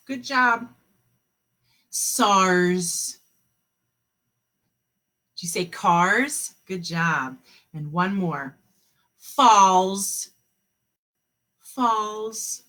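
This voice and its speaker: A woman teaching a kindergarten class online, encouraging the children and sounding out words slowly. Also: mid-range voice, fairly bright tone, husky.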